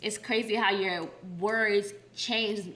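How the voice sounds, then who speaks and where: A woman's voice: mid-range voice, steady tone, slow, fairly bright tone. A woman from Virginia co-hosting a podcast in casual, slangy chat, laughing often and talking over a computer setup. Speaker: podcast co-host. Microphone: webcam and computer setup.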